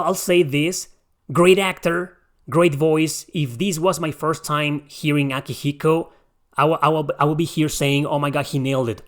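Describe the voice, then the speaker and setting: A man's voice: a little high, fairly bright tone. A young man hosting a podcast, talking casually and rambling through his opinions on a game remake, often correcting himself mid-sentence. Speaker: podcast host. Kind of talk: casual game review talk.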